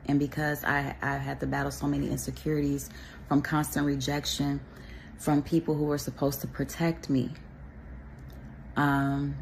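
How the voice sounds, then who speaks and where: Woman, from Texas, casual faith testimony, rambling chat, deep-set voice, heavy vocal fry. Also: a little mellow, slight background noise. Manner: rambling, conversational, with pious asides. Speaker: vlogger sharing a faith testimony.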